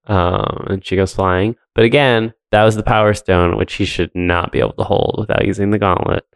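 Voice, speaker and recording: A man's voice: lowish voice, steady tone, moderate pace, gravelly, clean tone, dry recording. A man co-hosting a podcast, recapping a film in rambling casual chat full of fillers and laughs. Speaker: podcast co-host.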